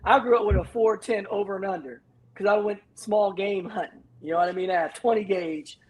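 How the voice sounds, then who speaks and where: A man's voice: high-pitched, a little fast, a little hiss or hum, rough recording. A man telling a story in casual chat, emphatic and repeating his phrases as he acts out quotes. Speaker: guest.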